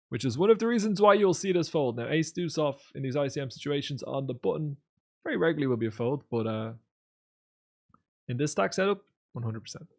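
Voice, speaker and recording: A male poker streamer giving casual live commentary on replays. He reads out viewers' comments and swings between low mutters and loud, excited outbursts.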